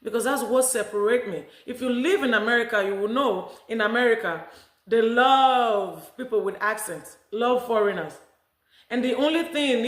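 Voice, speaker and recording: Chatty Nigerian woman in an echoey room. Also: on the high side. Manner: chatty, animated, talks straight to viewers. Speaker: vlogger. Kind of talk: casual travel storytelling.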